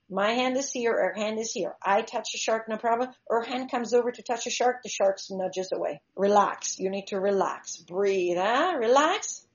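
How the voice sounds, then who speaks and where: On a slightly dull lo-fi recording, a shark diver and conservationist tells interview stories conversationally, acting out vivid examples as she explains. Her voice is mid-range and a little mellow.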